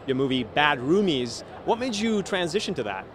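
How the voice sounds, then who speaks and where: Lively high-voiced male field reporter. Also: a little hiss or hum. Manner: upbeat, lively questioning, quick laughs. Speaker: TV news reporter. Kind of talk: live TV field interview. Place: outdoors at a fan convention.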